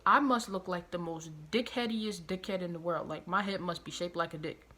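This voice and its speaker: Woman, storytime vlog, sharp bright voice, profane, emphatic, outraged retelling. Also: lowish voice, a little fast. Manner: animated, profane, emphatic retelling with heavy repetition; outraged, incredulous. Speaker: vlogger telling a personal story.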